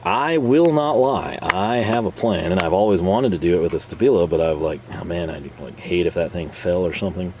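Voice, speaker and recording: A man's voice: deep voice, expressive, a little fast, few pauses, dark tone, slight background noise. A man casually reviewing tools for his channel, rambling and self-deprecating with frequent chuckles. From North America. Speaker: tool reviewer and channel host.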